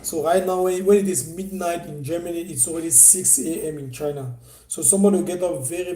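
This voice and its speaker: Guy doing a salesy livestream, kinda high voice but dark mellow tone, keeps repeating himself. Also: fairly even intonation, brisk. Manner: repetitive, persuasive, chatty. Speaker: live-stream host and e-commerce coach. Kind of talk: casual live-stream sales talk. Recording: echoey room.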